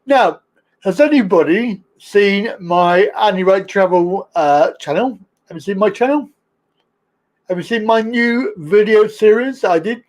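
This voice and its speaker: A man's voice: high-pitched, animated. A man hosting a casual live stream, joking, chatty and laughing a lot. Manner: jokey, chatty, laughs often, slow drawl. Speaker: livestream host.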